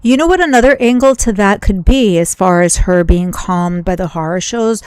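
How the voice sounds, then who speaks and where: A woman's voice: mid-range voice, moderate pace, darkish tone, clean tone, no echo. Woman doing commentary, casual and musing, lots of "like", dry close mic. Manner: musing, thinks aloud with many "like"s. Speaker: commentary host.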